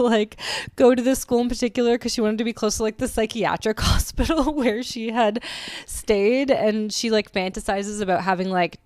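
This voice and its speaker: Woman, book club co-host, casual chat, smooth clear voice, dry close sound. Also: mid-range voice, no echo. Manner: chatty, laughs often, acts out quotes in playful voices. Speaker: podcast co-host.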